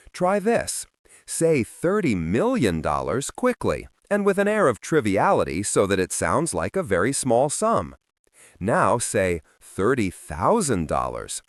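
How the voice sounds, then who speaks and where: A man's voice: on the low side, dry recording, studio quality. A man narrating a self-help audiobook in an emphatic, instructional reading style.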